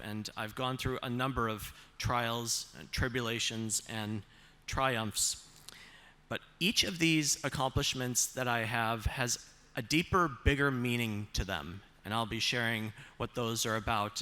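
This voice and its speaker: A man's voice: mid-range voice, bright, forceful tone. Upbeat man giving a keynote. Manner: upbeat and joking, addresses audience directly. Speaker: keynote speaker. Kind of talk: conference keynote speech. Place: conference stage.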